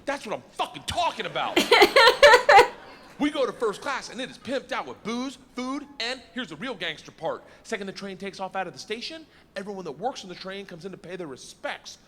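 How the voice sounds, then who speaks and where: A man's voice: sits high, animated, moderate pace, a bit bright, a little hiss or hum. A man doing stand-up storytelling on stage, rowdy and profane, laughing through his lines. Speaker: stand-up comedian. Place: large stage venue. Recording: live show in a reverberant hall.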